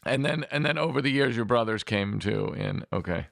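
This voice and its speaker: A man's voice: medium pitch, fairly quick, creaky, fairly bright tone, no echo, studio quality. A man hosting a podcast interview, reacting with enthusiasm and asking follow-up questions in casual chat. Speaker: podcast host.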